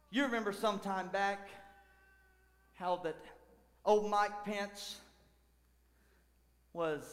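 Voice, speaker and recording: A middle-aged man and lead pastor preaching a fervent sermon, swinging between loud exclamations and low asides. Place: church sanctuary. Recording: echoey church hall with long reverb.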